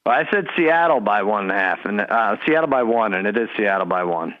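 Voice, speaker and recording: A man's voice: on the low side, lively intonation, brisk, dry recording. Male podcast co-host; chatty betting talk, stammery restarts, dull lo-fi sound. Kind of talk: casual sports-betting chat.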